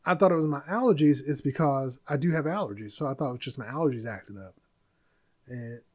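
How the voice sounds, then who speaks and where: A man's voice: a little high, darkish tone. A man in his forties hosting a podcast, venting bluntly in a casual monologue. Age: 40s. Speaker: podcast host.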